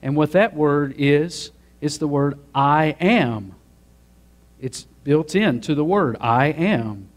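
This pastor preaches a sermon in a slow, fairly high voice with lively intonation. He prompts the congregation to join in and builds to emphatic peaks.

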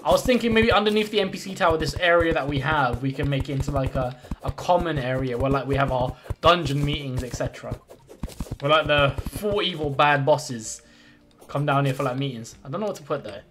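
A man's voice: on the high side, a little fast, a bit bright, slight background noise. A man live-streaming a game in casual chat, thinking aloud and greeting and thanking viewers as he plays.

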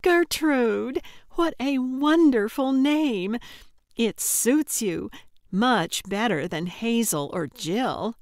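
A woman narrator voicing a giggly, unhinged female kidnapper who talks in a high, bubbly, overly friendly sing-song. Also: animated, slow, dry recording, clean studio sound. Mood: sugary, chirpy. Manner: chirpy and overly friendly, tittering. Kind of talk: audiobook character voice.

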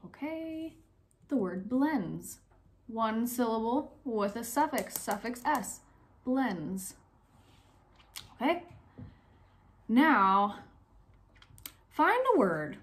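A young woman teacher giving a recorded phonics lesson to young pupils, speaking clearly, asking questions and pausing for answers. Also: a little high. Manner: slow, clear, encouraging teacher talk, asks questions and pauses.

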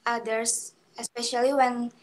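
A young woman with an Indonesian accent reading a children's story to her class, steady and plain, with some grammar slips. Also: a little high, moderate pace, poor audio. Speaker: student. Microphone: video call.

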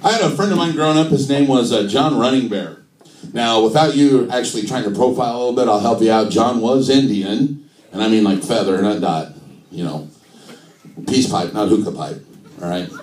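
A man's voice: fairly low pitch, darkish tone. A man doing a stand-up set in a comedy club, wry and playful with his jokes. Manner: wry, playful, jokes delivered with shifting emphasis. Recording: roomy club sound, distant mic.

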